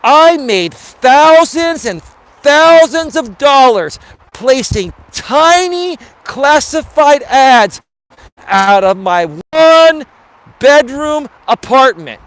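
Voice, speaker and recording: A man putting on a young late-night infomercial pitchman who talks slowly and stresses every word. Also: lively intonation, a bit bright, heavily acted. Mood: emphatic.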